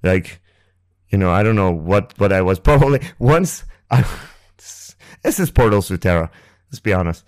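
A man tells a loose, profane story full of fillers and asides. His voice is low and smooth, and he speaks close to an ASMR mic. The sound is dry. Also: animated, normal speed, a little mellow, no room sound. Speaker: podcast host. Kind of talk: casual storytelling.

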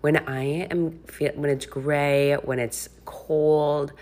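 Chatty low-voiced woman podcast host. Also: flat delivery, slow, darkish tone. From Wisconsin. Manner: chatty, candid, laughs and swears. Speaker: podcast host and health coach. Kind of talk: casual solo podcast chat.

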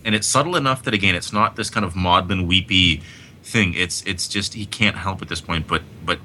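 A man's voice: sits low, a little fast, bright, forceful tone, a little hiss or hum. A man talking about movies in a casual podcast chat, enthusiastic and rambling, often restarting his sentences. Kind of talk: casual film discussion.

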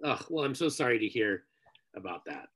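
A woman's voice: extremely low pitch, lively intonation, normal speed, husky. A woman hosting a casual interview podcast, giving short supportive reactions and prompts. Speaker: podcast host.

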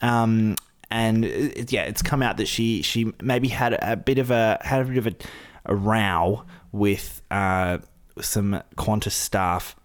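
A woman's voice: a bass voice, slow pace. A woman co-hosting a podcast, chatting casually, laughing often and trailing off into restarts. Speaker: podcast co-host. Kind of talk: casual chat.

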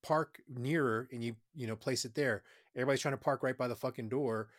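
A man's voice: medium pitch, quick pace, dry recording. Rambling, profane man, dry and close. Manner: rambling, profane, with frequent fillers and trailing off. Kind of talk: crude casual chat.

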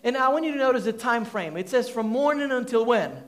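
A man preaching a sermon to a congregation in a conversational, animated way, asking the audience questions and using many fillers. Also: very high-pitched, brisk. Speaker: pastor. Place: church hall before a congregation.

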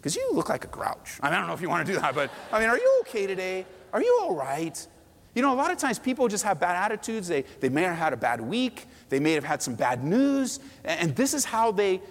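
A man preaching a sermon in a church sanctuary, animated and talking straight to the congregation, often acting out the voices of the people he describes. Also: high-pitched, creaky. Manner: animated, acts out quoted voices, asks the crowd. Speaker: pastor. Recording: long hall reverb.

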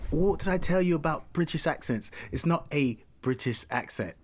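A man co-hosting a podcast in casual chat, playful and teasing, quick to jump in and agree. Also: on the high side, expressive. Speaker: podcast co-host.

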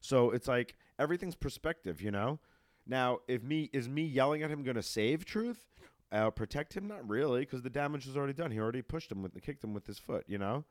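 A man from New York, a comedian, telling stories in casual chat, blunt and animated, laughing as he goes. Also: mid-range voice, a little fast, no echo, clean studio sound.

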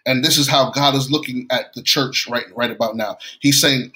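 Bright-voiced male preacher from New York. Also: medium pitch, steady tone, moderate pace, rough recording. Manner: repeats and restarts phrases while preaching. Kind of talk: sermon with storytelling.

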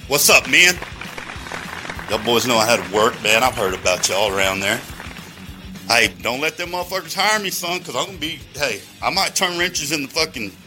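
A man's voice: mid-range voice, animated, moderate pace, music in the background. A man in a rambling, profane monologue, going off on tangents and talking straight to his listeners. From Texas. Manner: heavy swearing, rambling tangents, addresses listeners directly.

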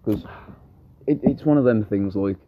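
Young man, very low voice, blunt and sweary storyteller, faint background hum. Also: normal speed, highs cut off. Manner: blunt, swears freely, rambling anecdotes. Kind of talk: casual chat.

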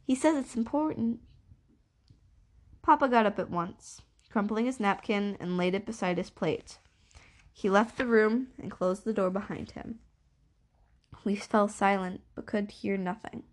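A woman reading a novel aloud as narrator, in a measured, steady storytelling voice. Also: mid-range voice. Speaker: audiobook reader. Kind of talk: scripted narration.

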